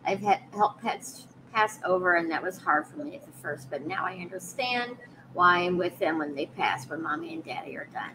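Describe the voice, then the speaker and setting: A woman hosting a live chat, warmly reading out viewer questions and thanking guests. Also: on the low side, normal speed, background noise. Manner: friendly, reads out viewer questions. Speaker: host.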